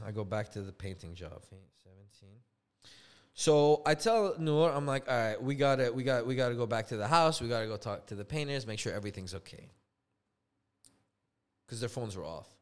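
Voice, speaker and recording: A man's voice: medium pitch, normal speed. A young man co-hosting a podcast, telling a story in a casual, profane way and acting out the people he quotes. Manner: animated, profane, acts out quoted dialogue. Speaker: podcast co-host.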